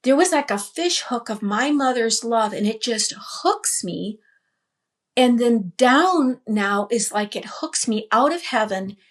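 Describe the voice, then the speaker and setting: An older woman, a guest on an interview, telling a personal story earnestly in a flowing way, often repeating and restarting her words. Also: fairly high pitch.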